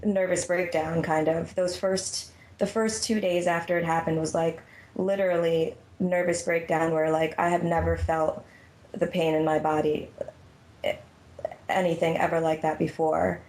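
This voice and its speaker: A nervous woman with a low, gravelly voice calls in to a talk show while lying down. Her flat delivery stumbles over repeated words, and the room adds a noticeable echo. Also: moderate pace. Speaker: caller. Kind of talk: emotional phone conversation. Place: lying down at home.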